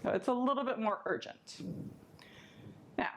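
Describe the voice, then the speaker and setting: A woman librarian, teaching a step-by-step sign language lesson in a friendly, clear way. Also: fairly high pitch, normal speed, slight background noise. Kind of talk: instructional video lesson.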